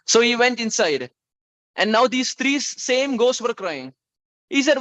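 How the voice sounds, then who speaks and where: A man preaching a storytelling sermon, animated and repeating lines for emphasis. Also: very high-pitched, moderate pace. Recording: dull, dry lo-fi sound.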